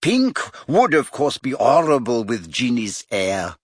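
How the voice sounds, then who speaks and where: A man's voice: mid-range voice, wildly swooping pitch, measured pace, slightly rough, no echo, clean studio sound, full character voice. A man voicing a vain young woman who gushes on in full flow. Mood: gushing.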